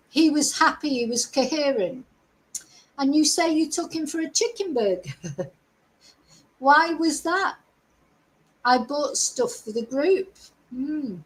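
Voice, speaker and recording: A woman's voice: high-pitched, poor audio. An older woman hosting a true crime live stream, talking in a chatty, exasperated and rambling way with frequent asides. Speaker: true crime channel host. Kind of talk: casual live-stream commentary.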